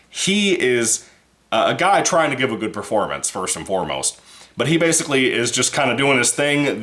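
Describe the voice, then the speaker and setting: A man with a fairly low, fairly bright voice gives a casual movie review. He rambles, swears freely and laughs between his points.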